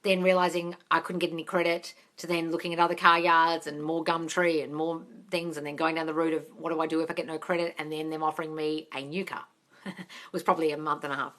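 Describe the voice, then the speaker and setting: Excitable woman hosting a live chat. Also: sits low, fast talker. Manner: excitable, swears freely, shrieks greetings at viewers. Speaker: livestream host answering viewer questions.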